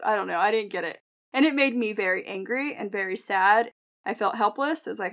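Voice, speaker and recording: A woman's voice: medium pitch, a little fast, fairly bright tone. Woman co-host, young adult, chatty storyteller, laughs between lines. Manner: chatty storytelling, acts out quotes, laughs often. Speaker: podcast co-host, nurse. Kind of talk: casual podcast chat.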